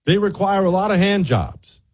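A man voicing a female cave tour guide who explains things plainly, in a husky voice that is raised a little in pitch. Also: big pitch swings, normal speed, exaggerated voice. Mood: explaining.

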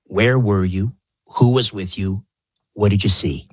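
A man's voice: fairly low pitch, steady tone, measured pace, husky, no room sound. A male radio talk host asking hesitant, stumbling questions in an interview.

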